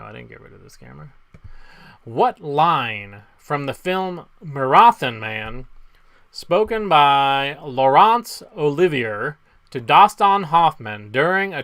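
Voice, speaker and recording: A man's voice: on the high side, fairly bright tone, no room sound. A man hosting a casual live trivia game from home, reading questions and rambling through jokey asides in between. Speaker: trivia quiz host.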